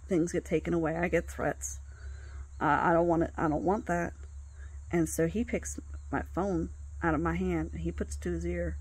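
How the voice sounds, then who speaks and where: A woman telling a personal story in a casual, halting way, with many pauses and restarts. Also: lowish voice, steady tone, darkish tone, slightly rough, no room sound. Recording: faint background noise.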